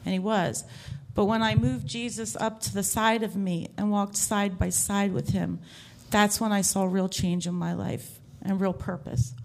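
A woman's voice: mid-range voice, fairly even intonation, unhurried, creaky. Woman telling her testimony up front at church, sincere and open, ordinary mid voice. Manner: earnest, heartfelt storytelling. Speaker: church member giving testimony. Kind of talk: personal faith testimony to a congregation.

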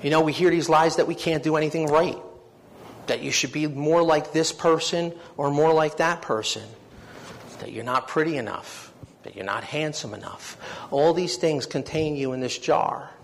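A man's voice: a little high, moderate pace, creaky, slight background noise. A man preaching a sermon, telling his own story in an earnest, heartfelt way that swells with feeling. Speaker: preacher giving testimony.

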